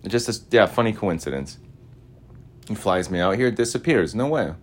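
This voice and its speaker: Deep-voiced guy from Utah, restless, rambling solo talk with loud and mumbled stretches. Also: expressive, moderate pace. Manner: restless, repetitive, swings between loud chanting and mumbling asides. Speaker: podcaster. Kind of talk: rambling monologue voice message.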